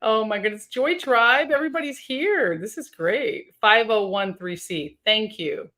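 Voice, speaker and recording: A woman's voice: a little high, a little slow, bright, forceful tone. Chatty woman streaming live. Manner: chatty, reads out viewer comments. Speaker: livestream host. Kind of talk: casual live-stream chat with viewers. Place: home office with high ceilings and skylights.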